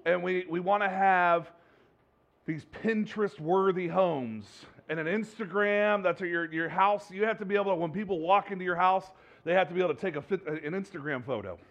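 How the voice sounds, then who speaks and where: This man preaches in a relaxed, chatty style, often restarting his sentences and poking fun at himself with the congregation. His voice sits fairly high. The recording is dull and a little muffled. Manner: conversational, rambling with frequent restarts and fillers; self-deprecating, jokes with the congregation. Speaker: pastor. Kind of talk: sermon.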